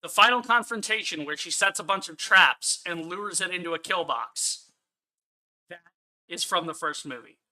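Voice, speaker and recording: A man's voice: high voice, normal speed, pushed and bright. A man ranting angrily on a live stream as he reviews a film, swearing often and repeating his points for emphasis. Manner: angry, profane ranting.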